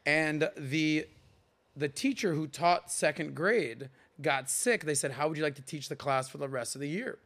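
Animated fortyish man with a gravelly voice. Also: on the high side, moderate pace. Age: 40s. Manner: animated storyteller who acts out accents and voices. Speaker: podcast host. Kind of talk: casual chat.

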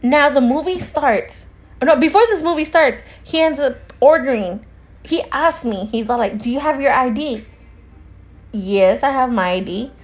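Speaking at a moderate pace in a high register, this podcast co-host spins a story over casual conversation. She plays both parties in the exchange, curses without restraint, and sprinkles in bits of Spanish.

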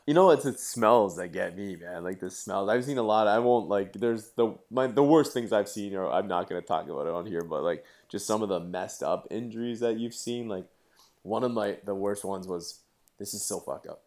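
A middle-aged man in casual chat, telling animated stories with swearing and laughter. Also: lowish voice, normal speed.

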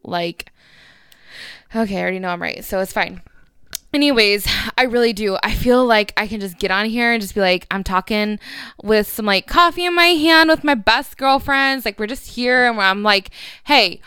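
A woman's voice: mid-range voice, moderate pace, pushed and bright, clean tone, dry recording, clean studio sound. A young woman hosting a chatty solo podcast, bubbly and giggly, rambling with lots of "like" into a handheld microphone. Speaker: podcast host.

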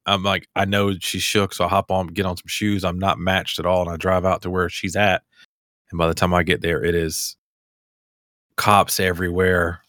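A man's voice: sits low, fairly bright tone, no echo, studio quality. A man hosting a podcast, chatting casually, rambling and laughing easily. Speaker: podcast host. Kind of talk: casual chat.

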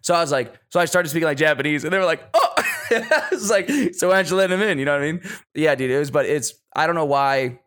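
A man's voice: a little high, fast talker, fairly bright tone. A young man on a podcast, rambling through stories in casual chat, swearing a lot and leaning on fillers. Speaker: podcast co-host.

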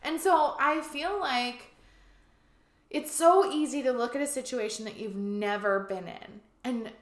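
A woman co-hosting a casual podcast, talking in an animated way, swearing and acting out quoted lines. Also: a little high, a little slow. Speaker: podcast co-host. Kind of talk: casual chat. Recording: echoey room.

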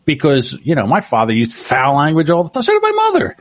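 Middle-aged man, husky voice, dry close mic, casual storytelling, laughs a lot. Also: on the high side, wildly swooping pitch, fairly quick, no echo. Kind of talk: casual chat.

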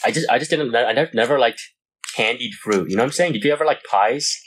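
Fast-talking husky young man. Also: mid-range voice, fairly bright tone. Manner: laid-back, slangy, swearing, trails into laughs. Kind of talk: casual chat.

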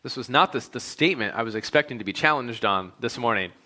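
A young adult man, a pastor, preaching a sermon in a relaxed, conversational storytelling way. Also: medium pitch, quick pace. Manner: conversational storytelling, animated when quoting himself.

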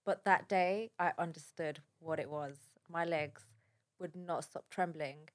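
A woman telling a personal story in a halting, shaken way, with many fillers. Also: fairly low pitch, fairly even intonation. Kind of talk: casual spoken account.

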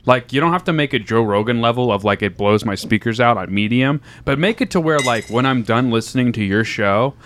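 A young man hosting a casual podcast chat, rambling and teasing in a deadpan way. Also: mid-range voice, brisk, few pauses, slight background noise. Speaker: podcast host.

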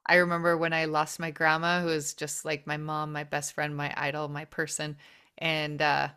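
Woman interview host, lowish voice, gentle, affirming. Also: monotone, moderate pace. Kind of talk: interview conversation.

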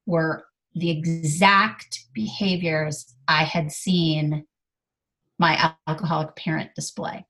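A middle-aged woman speaking as a guest, candidly telling a personal story with lively delivery. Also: fairly low pitch. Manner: animated, acts out quoted dialogue.

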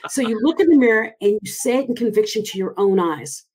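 Expressive woman coach on a video call, animated and chatty, giving speaking tips. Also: fairly high pitch, fairly quick, breathy edge. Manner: animated, expressive, by her own account. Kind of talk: casual advice chat over a video call.

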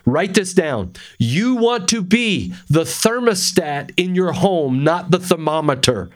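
A middle-aged male pastor preaching a sermon to young men at a camp, emphatic and repeating phrases for stress. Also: fairly high pitch.

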